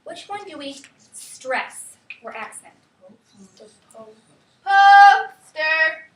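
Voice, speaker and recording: High, bright-voiced woman teacher. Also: normal speed. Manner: lively, sing-song calling out of words. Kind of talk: classroom lesson. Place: classroom. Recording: echoey classroom from far off.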